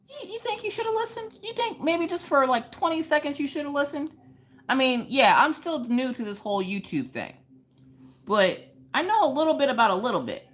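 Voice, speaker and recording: A young woman hosting a casual crafting livestream from home, ranting animatedly with sudden high exclamations. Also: fairly bright tone. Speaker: livestream host. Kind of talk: casual chat while crafting.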